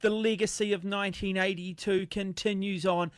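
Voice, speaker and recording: A man with a New Zealand accent hosts a talkback radio show. He is excited and emphatic, taking calls one after another. His voice is close and dry in the studio. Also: high-pitched, moderate pace, smooth, no room sound.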